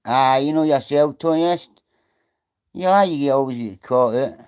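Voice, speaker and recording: A man's voice: mid-range voice, normal speed, a little mellow, smooth. Blunt Scottish man on a livestream. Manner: blunt, swearing, talks straight to viewers. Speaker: livestreamer reading chat. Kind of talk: casual livestream chat.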